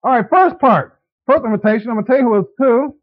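A man with a notably high voice preaches a sermon, keeping it conversational and turning to the congregation with quick questions. The recording is dull and lo-fi, like an old tape of a church service. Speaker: pastor.

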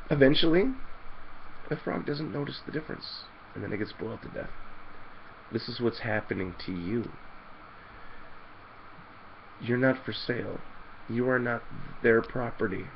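A man's voice: medium pitch, muffled recording, a little hiss or hum. A man ranting defiantly in a vlog, swearing freely and hammering his points with emphasis. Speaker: video blogger. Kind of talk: daily rant vlog.

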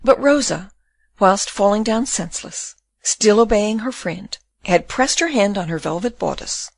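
A woman reading a classic novel aloud as an audiobook narrator, in a measured, expressive way. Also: medium pitch, gravelly, dry recording.

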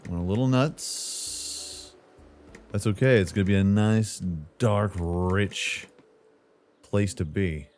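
A man's voice: fairly low pitch, takes it slowly, pauses often, darkish tone, a little hiss or hum. A man casually commentating while he plays a house-building game, joking with himself and calling out what he builds. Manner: playful, talks to himself, jokey asides like "brother". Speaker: gaming channel host. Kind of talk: casual let's-play commentary.

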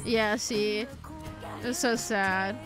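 A young woman hosting a reaction video, chatting casually in an excitable way, often laughing and squealing. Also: medium pitch, slow. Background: music from the clips.

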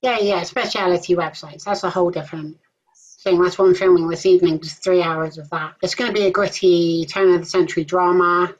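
A woman's voice: lowish voice, fairly even intonation, a little fast, lo-fi sound. A woman hosting an interview show, chatting casually and joking at her own expense. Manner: playful, self-deprecating. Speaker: host.

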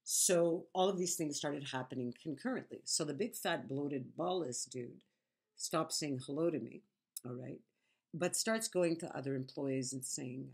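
A woman's voice: low voice, measured pace, creaky, darkish tone, husky. A woman vlogger telling her story in a casual monologue, frank, sarcastic and emphatic.

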